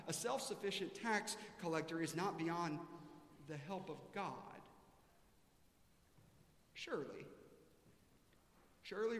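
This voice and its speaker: High-voiced man preaching in an echoing church. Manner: storytelling, voice rising high and loud in the joke, dropping soft for emphasis. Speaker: pastor. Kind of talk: sermon. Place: large church sanctuary. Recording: echoey church hall.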